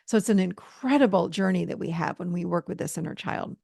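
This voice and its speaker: A woman's voice: lowish voice, fairly quick, gravelly, slightly rough, dry recording, studio quality. A woman hosting a self-help course, teaching with an encouraging, repetitive manner. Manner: warm, encouraging, repeats phrases for emphasis. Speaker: coach and course host.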